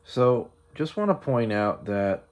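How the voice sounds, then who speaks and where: A man's voice: mid-range voice, slow pace. A man casually narrating a walk-around of his own work while filming it on his phone in his kitchen, with lots of fillers. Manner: relaxed, many fillers, talks while filming. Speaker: model train hobbyist showing his work. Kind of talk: casual show-and-tell narration. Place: home kitchen, indoors. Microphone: phone camera held while filming.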